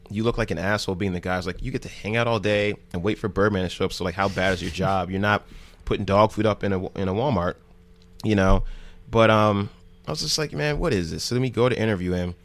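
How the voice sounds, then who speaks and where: A man's voice: lowish voice, a little fast. A man from New Jersey, a news show host, telling a rambling story in casual, loose speech full of "like" and swearing. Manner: laid-back, rambling, heavy on "like", swears freely.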